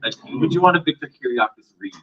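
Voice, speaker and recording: A man reading out audience questions at a live panel, speaking softly and hesitantly. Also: fairly high pitch, lively intonation, fast talker, very noisy. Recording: distant, muffled live-stream audio.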